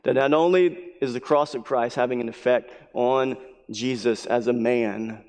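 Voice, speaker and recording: A man's voice: medium pitch, fairly even intonation, a little slow. Earnest preacher man in a reverberant hall. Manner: earnest, repeats phrases, drops to a hush for emphasis. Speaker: pastor. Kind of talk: sermon.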